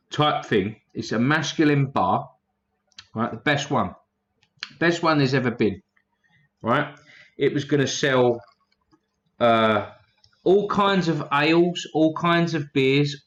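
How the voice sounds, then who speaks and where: A man's voice: mid-range voice, muffled recording. A man hosting a casual livestream, reading chat names aloud in a blunt, profane way.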